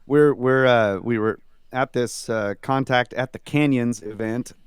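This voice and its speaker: A man's voice: mid-range voice, a little slow, clean tone, dry recording, clean studio sound. A man who is a guest on a casual podcast, telling stories in an easygoing way with fillers.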